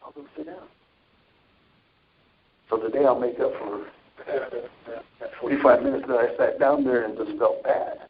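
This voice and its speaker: A man's voice: on the high side, narrow, tinny audio. A man preaching informally on a Christian talk show, telling stories from his own life and reading scripture. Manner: animated storytelling with scripture readings.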